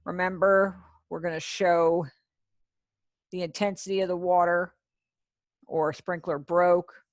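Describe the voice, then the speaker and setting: An ASL teacher leads a sign language class over video call, her lowish voice flat and slow. The recording is studio quality with no room sound, and she is chatty and encouraging, praising students and making asides to herself.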